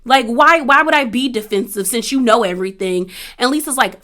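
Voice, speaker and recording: Casting: woman, slightly high voice, sassy and animated, casual recap host. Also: brisk. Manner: animated, sassy, acts out quotes.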